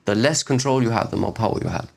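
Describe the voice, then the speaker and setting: A man in a mid-range voice gives a reflective spiritual teaching talk as host of his own video series. He speaks in an unhurried way, circles back to repeat key phrases and asks rhetorical questions. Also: mid-range voice, expressive, vocal fry.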